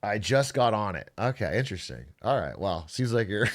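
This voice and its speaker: A man's voice: lowish voice, wildly swooping pitch, slow, pauses often, a little hiss or hum. A young man chatting casually on his stream, sarcastic and laughing often.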